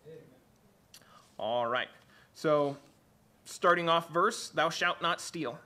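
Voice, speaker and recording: A man preaching a church sermon and reading aloud from the Bible, halting often with fillers and restarts. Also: a little high, pushed and bright. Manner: hesitant, many fillers and restarts.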